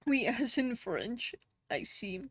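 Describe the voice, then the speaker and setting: A woman's voice: fairly high pitch, sing-song, takes it slowly, fairly bright tone, slightly rough, no room sound. A woman live streamer chatting casually with her viewers, reading their comments and laughing often.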